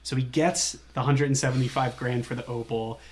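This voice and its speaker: Male podcast co-host, casual chat, animated scene recaps with quick character impressions. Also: medium pitch.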